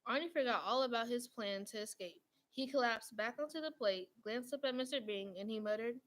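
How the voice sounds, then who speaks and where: A woman's voice: on the high side, a little fast, hardly any pauses, fairly bright tone, poor audio. Woman reading a picture book aloud. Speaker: storybook reader.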